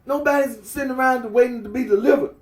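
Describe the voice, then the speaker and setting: Talking fast in an extremely high-pitched voice, a male vlogger rants emphatically and repeats himself a lot. The recording is echoey, taken far off from the mic in a roomy space.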